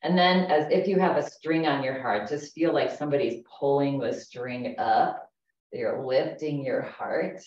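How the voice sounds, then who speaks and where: A woman instructor leading a chair yoga class, calm and gentle, giving slow breathing cues. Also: a bass voice. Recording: echoey, distant, dull room recording.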